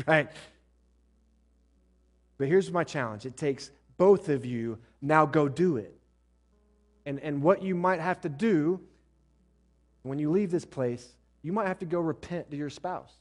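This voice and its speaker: A man's voice: a little high, lively intonation, unhurried, long pauses. A male pastor preaching to his congregation, blunt and joking, and acting out what spouses say to each other. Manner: blunt, joking asides, acts out spouses' lines. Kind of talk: sermon.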